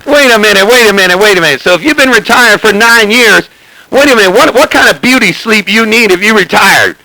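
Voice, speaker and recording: A man jokes and brags over CB radio and keeps calling out to get the other side's attention. His voice sits high and gravelly, with a bright, sharp edge. The sound is dry and close. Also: expressive, brisk, low-quality recording. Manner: joking, boastful, repeats "hey, hey, hey". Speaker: CB radio operator. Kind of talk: CB radio banter.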